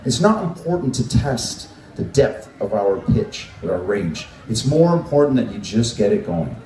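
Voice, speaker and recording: A man's voice: fairly low pitch, big pitch swings, moderate pace, warm tone, soft background music. Man, vocal coach, workshop teaching, demonstrating sounds, roomy echo, distant mic. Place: workshop room at a music event. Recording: echoey room, from far off.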